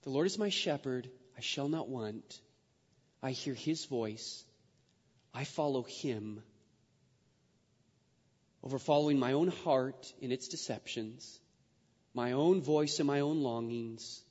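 A man preaching a sermon, swinging between loud emphatic declarations and quiet, intimate asides and repeating key phrases for weight. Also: medium pitch. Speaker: pastor. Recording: long reverb, dull lo-fi sound.

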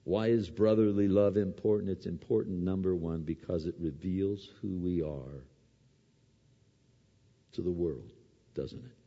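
Man in the pulpit with a mellow, slightly husky low voice, preaching in a chatty way with emphatic swells, recorded dull in an echoing hall. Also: steady tone, a little slow, long pauses. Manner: conversational preaching, rising to emphatic peaks, then dropping to soft asides. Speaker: pastor. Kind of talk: sermon. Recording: dull lo-fi sound with long hall reverb.

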